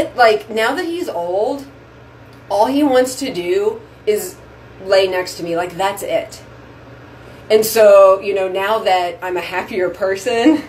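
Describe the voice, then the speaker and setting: A woman's voice: medium pitch, a little mellow, a little hiss or hum, rough recording. A woman hosting a casual vlog, chatting effusively to her viewers from a bathroom sink at home. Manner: chatty and effusive, says "y'all". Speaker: vlog host. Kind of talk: casual chat to camera.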